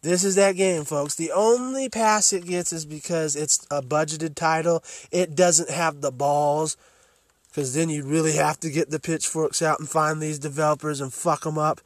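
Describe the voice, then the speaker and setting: A man's voice: a little high, steady tone, moderate pace, no echo. A man hosting a solo podcast, ranting heatedly with constant swearing. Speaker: podcast host.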